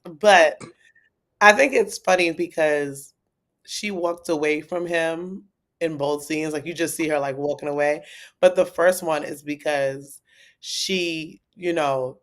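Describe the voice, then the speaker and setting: A woman co-hosting a casual livestream chat, animated and quick to laugh, swinging between loud and soft. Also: sits low. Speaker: co-host.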